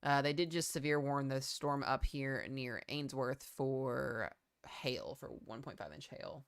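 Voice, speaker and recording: A man's voice: mid-range voice, steady tone, a little slow, a bit bright, smooth. A man in his twenties giving casual live weather commentary, chatty and loose with many fillers while he answers viewers' questions. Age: 20s. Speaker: weather livestreamer.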